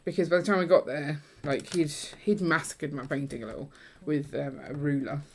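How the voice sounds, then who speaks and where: A woman's voice: deep voice, fairly even intonation, a little fast, a little hiss or hum. A woman casually chatting and telling stories while building Lego on a livestream. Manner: chatty, storytelling, laughs easily.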